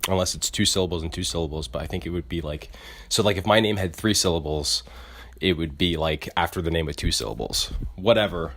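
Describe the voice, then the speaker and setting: A man with a very low, deep voice talks through a long, casual rant on his podcast. He rambles, repeats "like" constantly and swears freely as he complains. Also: brisk, fairly bright tone. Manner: rambling and profane, heavy use of filler "like". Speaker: podcast co-host. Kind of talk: casual venting monologue.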